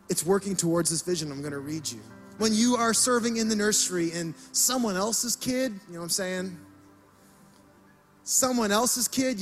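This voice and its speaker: High-voiced passionate male preacher. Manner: passionate preaching, rising to loud emphatic peaks. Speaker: pastor. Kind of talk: sermon.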